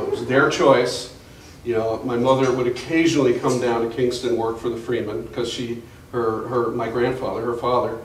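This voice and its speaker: An older man telling rambling family anecdotes to an audience at a museum talk, often restarting his sentences. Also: medium pitch. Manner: rambling storyteller with frequent restarts and fillers. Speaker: guest speaker at a museum talk. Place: museum gallery, recorded from the audience. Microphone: distant camera mic. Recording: echoey room from far off, faint hiss.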